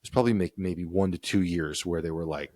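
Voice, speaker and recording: Deep, dry-sounding man, rambling, chatty, co-host. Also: a little fast, darkish tone, no echo. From United States. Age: adult, a parent. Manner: rambling, thinks aloud with restarts. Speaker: podcast co-host. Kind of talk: casual chat.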